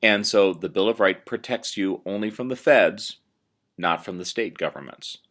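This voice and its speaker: A man's voice: lowish voice, normal speed, fairly bright tone. A man teaching a recorded lesson, explaining step by step with many "uh"s and "um"s. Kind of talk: recorded classroom lecture.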